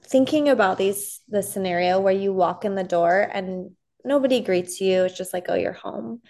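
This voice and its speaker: A woman therapist in her thirties, a guest on a podcast. She talks calmly and gently in an easy, conversational tone. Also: mid-range voice, normal speed. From Southern California. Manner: calm and gentle. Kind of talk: casual interview chat.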